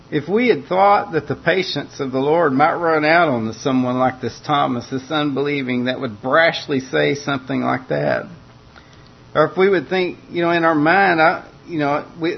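A man's voice: normal speed, gravelly, breathy edge. A man preaching a sermon, earnest and repeating phrases for emphasis. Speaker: pastor. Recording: muffled lo-fi recording with faint rumble.

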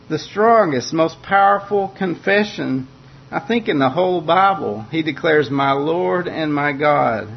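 A man with a gravelly, creaky voice preaches a sermon in an earnest way and often repeats his words for emphasis. He talks at an unhurried pace. The recording is muffled and lo-fi, with a faint rumble behind it. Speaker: pastor.

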